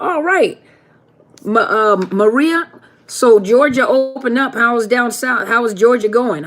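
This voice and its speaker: A woman hosting a live question-and-answer stream, chatting casually and greeting viewers one by one by name. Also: on the high side.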